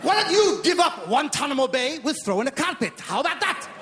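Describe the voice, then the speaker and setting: A man's voice: very high-pitched, brisk, background noise, pitched above the performer's own voice. A man putting on a heavily Iranian-accented comic persona. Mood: mock-naive. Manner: lively, mock-naive, punchline delivery. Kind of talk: stand-up comedy. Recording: echoey theatre hall.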